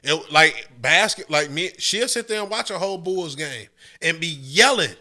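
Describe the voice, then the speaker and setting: A man chatting casually on a podcast, relaxed and slangy, sometimes acting out other people's voices. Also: a little high, moderate pace. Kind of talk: casual chat.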